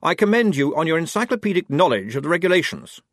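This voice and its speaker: A prim young officer, put on by a male reader, speaking in a high, lively voice with clipped, exact phrasing and an air of smug politeness. The recording is close and dry. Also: no room sound. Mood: crisp. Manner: brisk, precise, pleased with himself.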